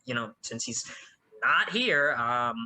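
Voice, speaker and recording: A man's voice: medium pitch, very animated, takes it slowly, pushed and bright. A man casting a comedy sketch, hesitant and stammering with lots of fillers. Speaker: sketch writer casting the scene. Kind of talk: scripted comedy sketch banter.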